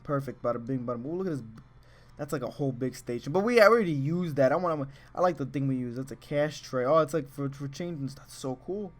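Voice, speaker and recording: A man giving casual, excitable, rambling commentary over a video game, full of chatty asides. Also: fairly high pitch, quick pace. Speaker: let's play host.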